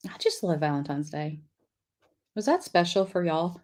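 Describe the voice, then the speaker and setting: A middle-aged woman chats her way through a live craft lesson. Her voice sits a little low, and she talks loosely and warmly to viewers while she draws, picking up their comments as she goes. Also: expressive, normal speed. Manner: chatty, reads viewer comments aloud while drawing. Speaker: lettering class host.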